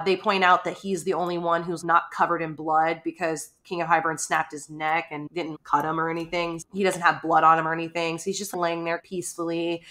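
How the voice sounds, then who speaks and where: A woman co-hosts a casual book podcast, chatting in a lively way and slipping into quoted voices. Her tone is bright and forward. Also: fairly low pitch, a little fast, few pauses. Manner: chatty, animated, acts out quotes. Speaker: podcast co-host.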